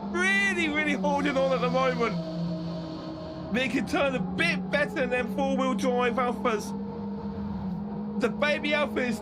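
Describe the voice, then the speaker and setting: A man presenting an event broadcast in a brisk, informative way. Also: very high-pitched.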